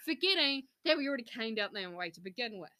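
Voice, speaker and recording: A woman's voice: a little high, animated, fast talker, bright, forceful tone. A woman hosting a casual podcast chat, telling a story with plenty of swearing and laughter. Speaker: podcast host.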